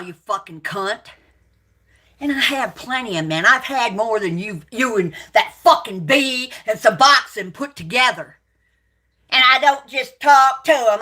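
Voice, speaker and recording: A woman's voice: on the high side, sharp tone. A middle-aged woman, hosting a livestream and delivering an angry, profane rant full of insults. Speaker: livestream host.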